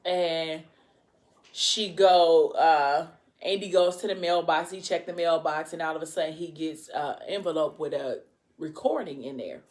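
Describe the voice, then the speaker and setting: A woman vlogger casually retelling a story while eating, acting out the characters' lines with lots of "like" and "you know". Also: on the low side. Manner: retells a story with quoted voices, many fillers.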